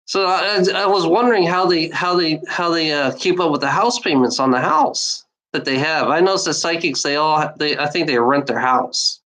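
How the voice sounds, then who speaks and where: A woman's voice: deep voice, normal speed, hardly any pauses, a bit bright, low-quality recording. A woman in a casual rambling monologue, swearing freely and often breaking into laughter.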